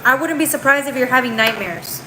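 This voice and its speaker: Against a noisy background, a woman with a high voice talks briskly through a live tarot reading. Her manner is slangy and chatty: she calls the viewer girl and bro, tags lines with "right?", and often restarts or drifts off mid-phrase.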